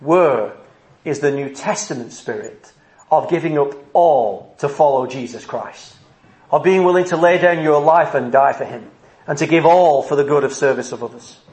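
A man's voice: a little high, normal speed, a little mellow. A man preaching a sermon at a church service, earnest and driving his points home with rhetorical questions. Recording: roomy echo.

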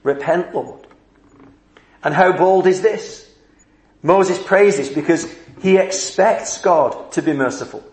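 Man, preacher, sermon, slow emphatic delivery, fairly high voice, echoey church. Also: a little mellow.

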